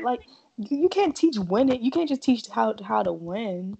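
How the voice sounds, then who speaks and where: A woman's voice: fairly high pitch, lively intonation, moderate pace, vocal fry, mellow, husky, poor audio. A young American woman on a casual podcast, blunt, opinionated and laid-back. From United States. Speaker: podcast co-host.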